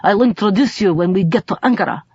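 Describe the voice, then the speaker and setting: A woman's voice: medium pitch, fast, darkish tone, slightly rough, muffled recording, natural voice. A woman voicing a brash, streetwise male smuggler who talks in blunt, broken English with a swagger. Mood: admiring.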